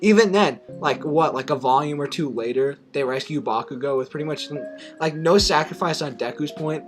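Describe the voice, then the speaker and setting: A man's voice: fairly high pitch, normal speed, soft background music. A young man co-hosting a casual podcast, giving blunt, crude opinions. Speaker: podcast co-host. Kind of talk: casual chat.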